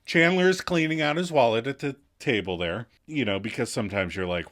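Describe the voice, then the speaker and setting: A man's voice: mid-range voice, animated, brisk, a bit bright. A man co-hosting a podcast, recapping a TV episode in casual chat, laughing often and adding wry asides. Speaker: podcast co-host.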